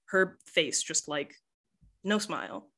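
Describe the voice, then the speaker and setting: A woman narrating as game master of a tabletop role-playing game, describing scenes in a relaxed way with many fillers. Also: low-pitched, slow pace.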